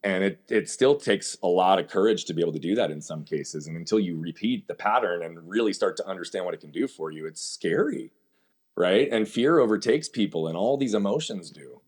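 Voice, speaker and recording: A man's voice: low-pitched, animated, brisk, darkish tone, breathy edge. A man as an interview guest, telling his story candidly and emphatically and asking himself rhetorical questions. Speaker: podcast guest.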